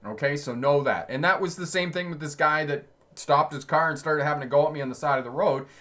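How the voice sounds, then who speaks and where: A man's voice: fairly high pitch, fast, fairly bright tone. A man hosting a driving channel, telling road stories in a casual livestream and answering viewers' comments, laughing often as he talks. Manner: chatty, laughs often mid-sentence. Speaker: driving instructor and channel host.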